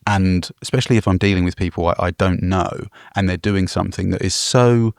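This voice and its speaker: Brief: male podcast co-host, gravelly low voice, lively storyteller, dry close sound. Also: fairly quick, no room sound. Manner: animated storytelling, laughs often. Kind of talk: casual chat.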